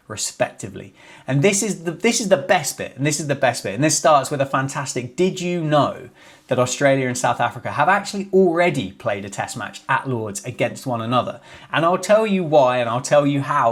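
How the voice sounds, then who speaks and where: A young man hosting a casual cricket preview, chatty, with jokey asides and frequent restarts. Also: medium pitch. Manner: chatty, jokey asides, self-corrects often. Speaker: cricket video host.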